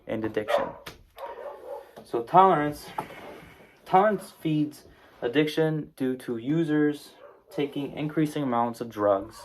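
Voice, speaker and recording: A man's voice: medium pitch, a little hiss or hum. A man giving an informal spoken explainer, casual and rambling, with many fillers and restarts. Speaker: presenter explaining psychoactive drugs.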